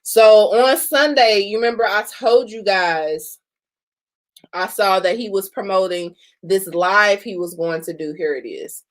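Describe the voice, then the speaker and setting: A woman's voice: mid-range voice, a little slow. A woman hosting a casual reaction commentary, blunt and outspoken, swearing freely.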